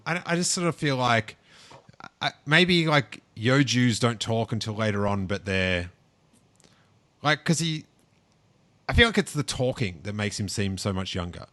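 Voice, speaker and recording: Male podcast host, bright forceful tone, excitable and joking, casual chat. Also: mid-range voice, moderate pace. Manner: excitable, playful, trailing restarts.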